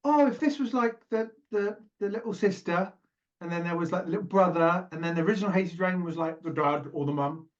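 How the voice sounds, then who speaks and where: A man's voice: high voice, brisk, dull audio. A man co-hosting a casual podcast, talking in a playful, rambling, teasing way. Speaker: podcast co-host. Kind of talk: casual chat.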